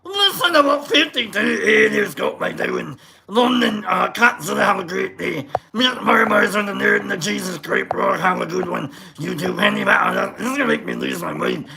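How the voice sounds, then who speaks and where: A livestream host giving casual, rambling shout-outs to viewers, joking around. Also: medium pitch, expressive, moderate pace, vocal fry, background noise. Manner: jokey, rambling, tries silly voices.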